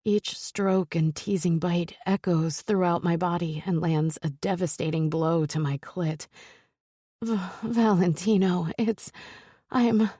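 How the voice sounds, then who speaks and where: A woman reads a first-person romance audiobook in a low, mellow voice with a breathy, husky edge. Her delivery is intimate and close, and the studio sound is completely dry. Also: no room sound. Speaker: audiobook narrator.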